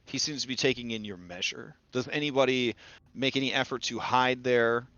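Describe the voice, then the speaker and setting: A man narrating as game master, describing scenes in a halting way with many pauses and fillers. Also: mid-range voice, fairly bright tone, no room sound. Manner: halting, many ums and uhs. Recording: dull lo-fi audio with faint music.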